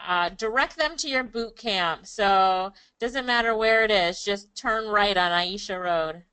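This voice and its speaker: A woman's voice: medium pitch, a little slow, sharp tone, clean tone, low-quality recording. A woman hosting an interview, encouraging her guest and laughing often. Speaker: host. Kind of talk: interview chat.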